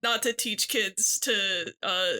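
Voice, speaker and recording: Very bright-voiced podcast co-host. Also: medium pitch, slow. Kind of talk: casual chat.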